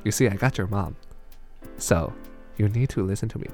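A man voicing his older father, an earnest dad giving fatherly advice in a calm, soft way. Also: fairly low pitch, normal speed, soft background music, lightly acted.

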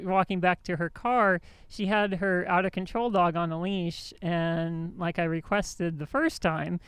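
A woman's voice: fairly low pitch, clean tone, no room sound. A woman hosting a show, telling a story in a casual monologue with indignant emphasis and many restarts. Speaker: host.

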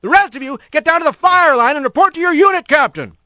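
A man's voice: very high-pitched, animated, quick pace, bright, forceful tone, no room sound, clean studio sound, voice pushed up, full character voice. A man voicing a big male rat who barks orders at a crowd of rescuers. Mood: commanding. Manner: barking orders. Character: big commanding male rat, gruff leader.

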